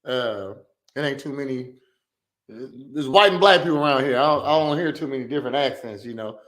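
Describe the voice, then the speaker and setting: A man's voice: medium pitch, brisk, a bit bright. A man hosting a reaction video, talking in a blunt, slangy, rambling way. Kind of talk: casual reaction commentary.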